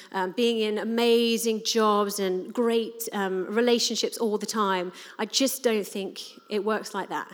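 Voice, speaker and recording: A woman giving a sermon in an earnest, conversational way with frequent "um" fillers. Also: medium pitch. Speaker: preacher. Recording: reverberant hall.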